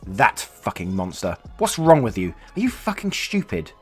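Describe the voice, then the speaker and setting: A man's voice: mid-range voice, animated, quick pace, soft background music, close to an everyday voice. A man voicing a hostile old woman who screeches insults at a neighbor. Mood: screaming.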